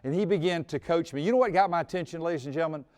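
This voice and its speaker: A man's voice: on the high side, very fast, darkish tone. A man in his sixties telling a personal story on stage before an audience, folksy and humorous, sometimes repeating his words. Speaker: speaker on personality types.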